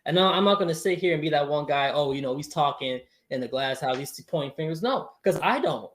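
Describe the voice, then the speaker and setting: A man's voice: fairly high pitch, animated, fairly quick, hardly any pauses, a bit bright. A young man as a podcast guest, talking in an earnest, thoughtful way with frequent chuckles. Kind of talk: reflective faith talk.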